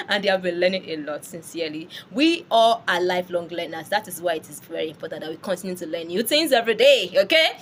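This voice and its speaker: A woman's voice: on the low side, expressive, fast talker, few pauses, a little hiss or hum. A woman teaching French pronunciation online, drilling words and laughing often. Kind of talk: online language lesson.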